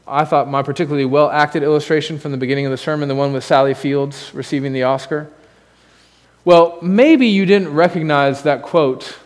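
A male pastor preaching a sermon in a church. He speaks earnestly and conversationally with humorous asides, swinging between loud urging and soft, hushed lines. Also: on the high side, big-room sound. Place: church sanctuary.

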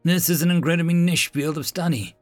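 A man's voice: medium pitch, big pitch swings, moderate pace, creaky, fairly bright tone, no echo, faint music behind. A man voicing a nervous little blue lizard alien scholar who gets defensive and fussy, talking in an audiobook-style story.

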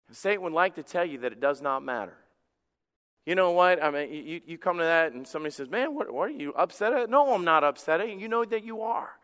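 A man preaches in a high, ringing voice, slipping into little acted-out voices as he makes his points. His words often repeat as he gathers speed. The sound carries the long reverb of a church sanctuary. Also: fairly bright tone. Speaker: pastor. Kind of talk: sermon.

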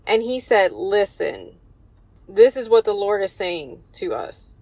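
A woman's voice: mid-range voice, dry recording. Woman Bible teacher and coach, earnest devotional delivery, dry recording. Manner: earnest and encouraging, quotes scripture with emphasis.

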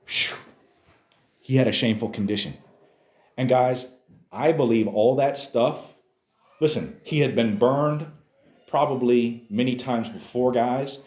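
A man's voice: medium pitch, darkish tone, reverberant. A man teaching a Bible lesson to a youth class, emphatic and addressing his listeners directly.

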